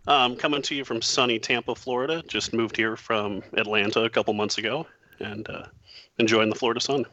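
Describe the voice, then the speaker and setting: A man's voice: medium pitch, steady tone, brisk, sharp tone, muffled recording. A man, a trivia contestant on a call, laid-back with dry humor. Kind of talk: casual chat on a call.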